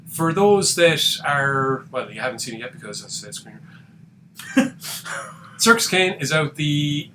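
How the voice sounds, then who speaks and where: A man's voice: a little high, big pitch swings, measured pace, pauses often, sharp tone, a little hiss or hum. A man co-hosting a podcast, chatting casually and adding wry asides. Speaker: podcast co-host. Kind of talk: casual chat.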